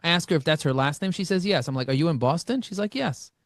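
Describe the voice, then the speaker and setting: A man speaking as an interview guest, telling energetic stories and acting out both sides of conversations. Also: a little high, fast talker, dry recording, clean studio sound. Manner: animated, acts out dialogue with shifting voices. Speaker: podcast guest, marketing expert.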